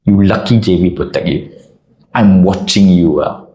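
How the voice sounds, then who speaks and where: A man voicing a brash young male gangster bully in the army, with a rough, taunting manner. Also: low-pitched, normal speed, dark tone, roomy sound, natural voice. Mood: threatening.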